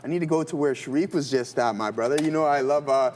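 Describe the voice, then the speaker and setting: A man's voice: mid-range voice, quick pace, darkish tone, long reverb tail, slight background noise. A man co-hosting a live trading stream, hyping moves and cheering on trades in casual chat. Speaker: co-host trader. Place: studio, livestream.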